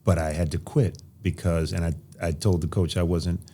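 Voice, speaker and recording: A man from Nebraska, a podcast guest, telling stories from his past in an animated way with an occasional laugh. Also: deep voice, normal speed. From Nebraska, USA. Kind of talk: casual interview storytelling.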